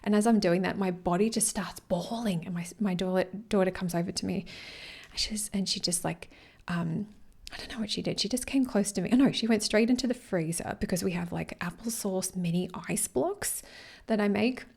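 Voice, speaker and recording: A woman talking casually to her followers in a rambling, earnest way, sometimes dropping to a soft whisper. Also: medium pitch, moderate pace, vocal fry, husky. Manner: rambling and warm-hearted, often losing her thread. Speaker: vlogger speaking to her followers. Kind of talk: casual chat to camera.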